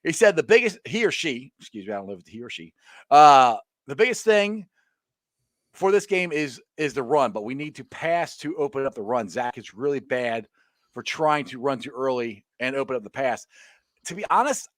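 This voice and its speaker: Lively, laughing sports host. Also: male voice, medium pitch, normal speed, dry recording. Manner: laughs easily, reads viewer comments. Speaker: podcast host. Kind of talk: casual sports chat.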